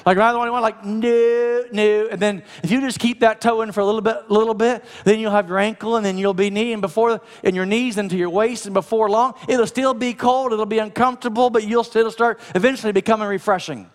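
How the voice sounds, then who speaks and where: Preaching pastor with a fairly high voice. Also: male voice, fairly even intonation, fast talker, few pauses, long reverb tail. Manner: conversational, swings from loud urgent preaching to hushed soft delivery. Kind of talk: sermon. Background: music.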